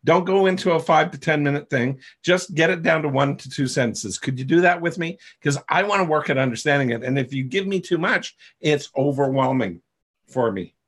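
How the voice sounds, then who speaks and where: A man's voice: a little high, lively intonation, fairly quick, a bit bright, breathy edge. A man coaching a live online class, explaining patiently and often checking in with his listeners, over a video call microphone. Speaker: coach teaching a webinar. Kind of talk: live online teaching session.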